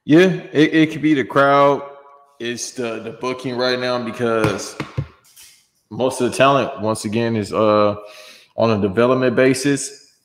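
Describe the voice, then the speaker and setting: A man's voice: mid-range voice, steady tone, unhurried, big-room sound, slight background noise. A man co-hosting a casual wrestling chat show, talking in loose, slangy, profane banter. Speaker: podcast co-host.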